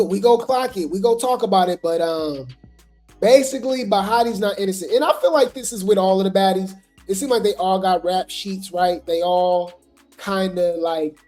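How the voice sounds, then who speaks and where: A host giving casual gossip commentary on reality TV, talking chattily and filling pauses with "right?" and "you know". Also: medium pitch, a little mellow. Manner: chatty, full of fillers and "right?" asides.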